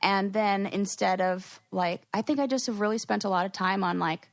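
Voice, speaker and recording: A woman co-hosting a podcast in casual chat, excitable and loose, peppering her talk with "like" and casual swearing. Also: mid-range voice, moderate pace, gravelly, dry recording. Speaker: podcast co-host.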